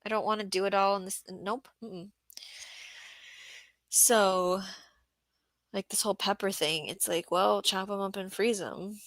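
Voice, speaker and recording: Woman gardener chatting on a livestream, bright voice, dry close sound. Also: medium pitch, fairly even intonation, measured pace, pauses often, dry recording. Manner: chatty, reads viewer comments aloud, laughs often. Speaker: livestream host, market gardener. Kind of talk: casual livestream chat.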